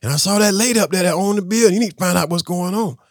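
A man's voice: sits high, rapid-fire, dry recording, clean studio sound, pitched above the performer's own voice. A man voicing his female assistant, pressing him with an urgent warning. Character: insistent female assistant reporting news.

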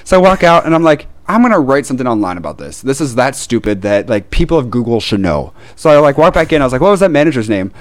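A man with a Midwestern American accent, telling a long story as a podcast co-host in a casual chat, animated and full of swearing and laughs. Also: mid-range voice, quick pace, hardly any pauses, no room sound. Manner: animated, profane ranting with frequent laughs.

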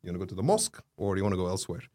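A man from Egypt telling his story as an interview guest, animated and rising in pitch and volume for emphasis. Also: rapid-fire.

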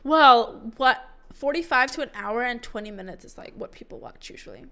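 A young woman with a bright, fairly high voice co-hosts a podcast. She keeps her stories short and breezy and teases her co-host. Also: lively intonation, brisk. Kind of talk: casual chat.

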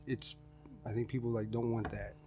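A man chatting on a relaxed podcast, curious and easygoing, with a slightly husky voice at middle pitch. Faint music plays underneath. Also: normal speed. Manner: relaxed, curious, swears casually. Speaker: podcast co-host. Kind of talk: casual chat.

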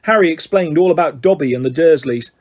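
Husky male storybook reader. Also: fairly high pitch, fairly quick. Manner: stumbling over words, self-correcting. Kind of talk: storybook narration.

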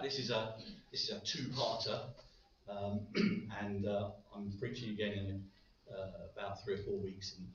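A man's voice: lowish voice, slight background noise. A man preaching a sermon in a light-hearted way, with joking asides. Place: large echoey church hall. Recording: very echoey, distant, dull hall recording.

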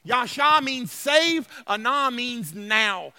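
A male pastor in full sermon mode, with a strikingly high, piercing voice. He swings between loud shouted proclamations and quiet, hushed passages, and he keeps calling out to the room with a "y'all". The sound is close and dry. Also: animated, measured pace, vocal fry, hardly any pauses, no echo. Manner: calls to the congregation, y'all. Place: church sanctuary.

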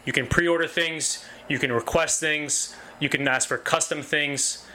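A man's voice: on the high side, fairly even intonation, measured pace, sharp tone, a little hiss or hum. A man who owns a butcher shop talks about his business with enthusiasm, repeating phrases and restarting his sentences often. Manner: enthusiastic, repetitive, many restarts. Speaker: butcher shop owner, guest. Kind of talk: casual interview talk.

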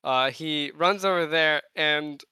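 A man co-hosting a podcast adds short joking asides in a slow, unhurried way. His voice is bright and crisp. The sound is dry, with no room echo. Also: on the high side. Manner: brief interjections and joking asides. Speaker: podcast co-host. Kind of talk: casual chat.

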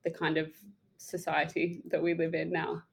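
A woman's voice: sits low, monotone, moderate pace, gravelly, a little hiss or hum. A woman hosting a podcast, reacting with feeling and encouraging her guest in casual chat. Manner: warm, encouraging, reacts emotionally. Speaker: podcast host and mental health first aid trainer.

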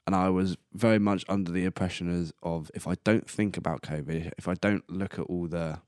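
A man's voice: low voice, fairly even intonation, a little fast, darkish tone, no echo, studio quality. A man in his early twenties hosting a solo podcast in casual, rambling talk, laughing at his own jokes and coughing now and then. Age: 20s. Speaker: podcast host. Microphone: close podcast mic.

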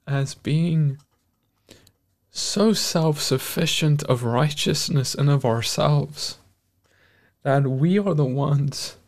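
A man hosting a devotional talk, speaking in an earnest, heartfelt sermon style. His voice sits a little high and carries a gravelly fry. He talks very slowly and leaves long pauses between his phrases. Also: a little mellow. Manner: earnest, emotional, pausing often. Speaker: host.

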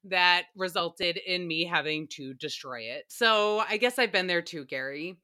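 A woman's voice: medium pitch, normal speed, hardly any pauses, pushed and bright, smooth. A woman hosting a casual solo recap podcast, chatty and sarcastic, often laughing and swearing. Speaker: podcast host.

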